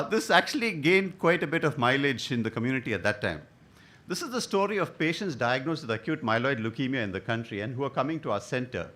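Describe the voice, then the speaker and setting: Middle-aged male doctor lecturing a conference, hesitant fillers, animated pitch. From India. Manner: hesitant "uh" fillers, rhetorical questions, lively delivery. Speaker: hematologist giving a conference talk.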